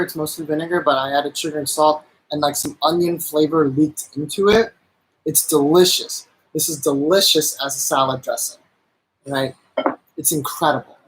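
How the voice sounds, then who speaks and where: A man's voice: a little high, slightly rough, poor audio. A man casually chatting on a live stream while cooking, rambling with lots of fillers and enthusiastic about the food.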